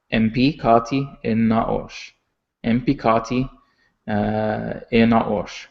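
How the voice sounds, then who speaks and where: A man teaching a language lesson, explaining patiently with frequent fillers and self-corrections, and slowing down to pronounce example sentences carefully. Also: lowish voice, vocal fry. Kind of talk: recorded online lesson. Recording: slightly dull, muffled audio.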